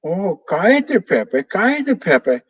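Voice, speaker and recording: Cheeky squawking storybook parrot, put on by a man, high and drawn out. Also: sing-song, takes it slowly, husky, lo-fi sound, heavily acted. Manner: squawky repeating phrases. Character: cheeky male pet parrot, a mimic.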